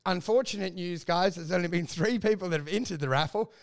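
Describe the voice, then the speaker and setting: A man, rambling excitably and swearing in casual podcast banter. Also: sits high, fairly quick. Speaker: podcast co-host.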